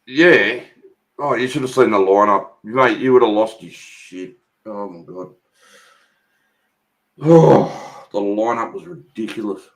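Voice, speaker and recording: A man's voice: on the low side, slow pace, pauses often, rough recording. An Australian man hosting a casual chat, telling stories bluntly and swearing freely. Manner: swears freely, brash storytelling.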